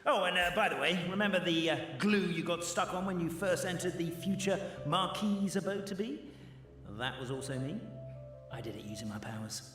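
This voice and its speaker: A man's voice: high-pitched, lively intonation, moderate pace. An actor playing a sly, boastful male minion villain in a game, talking theatrically and tripping over his words. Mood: gloating. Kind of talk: game voice acting. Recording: echoey hall under loud music.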